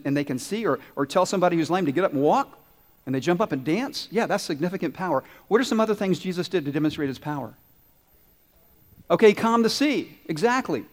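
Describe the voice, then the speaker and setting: A man preaching a lively children's sermon who asks the kids questions and answers them himself. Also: on the high side. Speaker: pastor. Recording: long reverb in a large hall.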